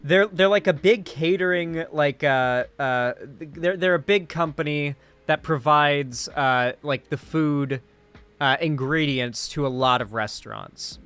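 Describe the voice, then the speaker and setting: A man's voice: fairly high pitch, unhurried, fairly bright tone, smooth, faint music behind. A tired man chatting casually on a live stream, rambling and full of fillers. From United States. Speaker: streamer and commentator.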